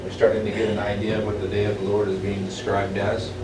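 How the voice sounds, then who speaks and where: Bible study leader, man, mid-pitched, halting delivery, distant mic in a reverberant room. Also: completely flat delivery, a little mellow. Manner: halting, restarts often, slows for reading. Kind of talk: group Bible study, reading scripture aloud. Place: room with a small group. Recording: echoey room, distant mic, background noise.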